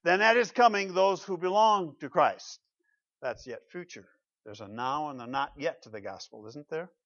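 A man preaching a sermon in a church, swinging from loud emphatic declarations to low asides and asking the congregation rhetorical questions. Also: expressive, moderate pace, no room sound, highs cut off. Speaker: pastor.

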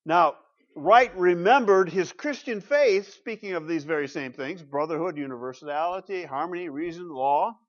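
A man's voice: on the high side, lively intonation, normal speed. A middle-aged man preaching a sermon as pastor, emphatic, asking the congregation rhetorical questions. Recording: dull lo-fi sound.

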